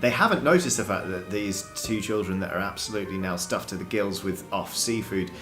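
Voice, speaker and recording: A man's voice: low-pitched, fairly quick, roomy sound, music in the background. A British man running a tabletop game as dungeon master, narrating with many ums and restarts. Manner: hesitant, full of ums and restarts.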